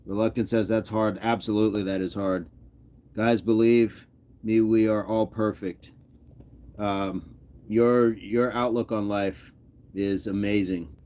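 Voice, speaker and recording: A man's voice: on the low side, fairly even intonation, measured pace, a little mellow. Easygoing man reading chat aloud. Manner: reads chat comments aloud, laughs often, easygoing. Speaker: fitness livestream host. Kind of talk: casual livestream chat reading comments.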